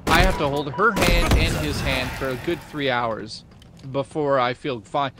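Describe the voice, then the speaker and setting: A man streaming a game who reads out donations and tells animated stories in casual chat, swearing freely. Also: on the high side, unhurried. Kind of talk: casual chat while gaming. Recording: game music loud underneath.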